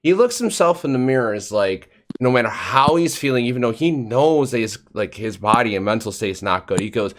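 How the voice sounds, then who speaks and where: A podcast host runs a live interview, talking briskly with few pauses and chatting casually. He tells stories with animation, acting out quoted voices in a higher pitch.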